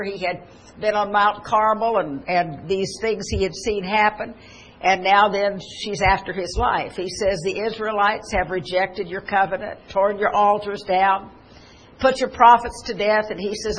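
A woman preaches a televised sermon in an earnest, unhurried, medium-pitched voice with a breathy edge. She stops and restarts often while quoting scripture aloud, and the recording quality is low.

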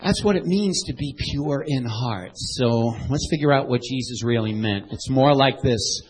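A man preaching a sermon, animated, moving between loud and hushed and asking the congregation questions. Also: medium pitch, moderate pace, a little hiss or hum, low-quality recording. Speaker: pastor.

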